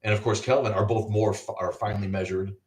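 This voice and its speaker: A man co-hosting a casual livestream chat, animated, joking and swearing freely. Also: on the low side, quick pace, reverberant, distant mic. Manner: animated, profane, jokey. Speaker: podcast co-host. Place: garage.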